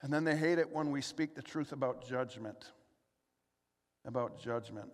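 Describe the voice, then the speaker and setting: A man preaches in an earnest, steady way, moving between scripture reading and pointed rhetorical questions. His voice sits a little higher than most men's. A long reverb trails after his words, as in a large hall. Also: a little fast. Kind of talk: sermon.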